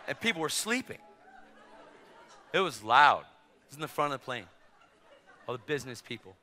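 A man preaching a storytelling sermon in a church or event hall, animated and swinging from hushed asides to shouts. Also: mid-range voice, fairly quick, long pauses. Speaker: evangelist preacher. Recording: echoey hall with faint music.

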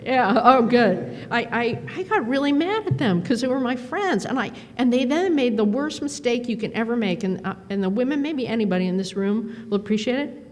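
A middle-aged woman giving a conference keynote, telling stories in an animated, self-deprecating way with quick asides. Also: on the high side. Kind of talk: storytelling speech. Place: performance hall. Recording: long hall reverb, faint ambience.

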